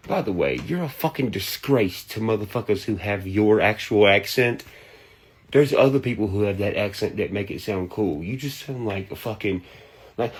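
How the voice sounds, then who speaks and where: A man's voice: fairly low pitch, lively intonation, moderate pace, breathy edge. Profane, heated man. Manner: profane, heated, mocking voices and humming. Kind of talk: profane ranting monologue.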